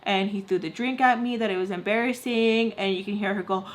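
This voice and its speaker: A woman's voice: mid-range voice, brisk. A young woman vlogger telling a storytime while doing her makeup, rambling with lots of "like" fillers and dropping in Spanish words. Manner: rambling, heavy "like" fillers, animated retelling. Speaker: beauty vlogger.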